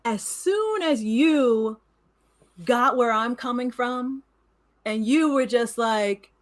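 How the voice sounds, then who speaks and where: A woman co-host talks through her thoughts in an earnest, reflective way, her voice pitched a touch high. She laughs lightly between points in this casual podcast chat. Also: slow.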